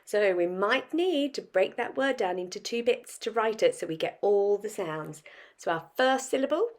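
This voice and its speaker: Teaching phonics to little kids, a woman sounds words out and asks the children questions. She speaks at a normal speed in a mid-range, expressive voice.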